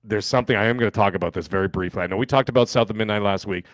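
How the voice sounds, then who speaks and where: A middle-aged man from Canada rattles along quickly as a podcast co-host. His talk is chatty and jokey, full of stories. The sound is dry and close, with no room around it. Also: lowish voice, no echo. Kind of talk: casual podcast chat.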